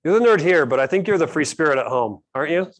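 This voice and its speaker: A man's voice: on the high side, animated, fast talker, dry recording. A man hosting a casual team meeting on budgeting, calling on people by name. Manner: upbeat, calls on people by name. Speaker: host of a team finance meeting. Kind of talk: casual group discussion.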